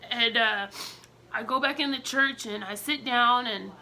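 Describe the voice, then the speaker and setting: A young woman tells a personal story in a candid storytime vlog, pausing often on fillers. Her voice sits a little high and sounds bright. She takes her time over each thought. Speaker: vlogger telling a personal story.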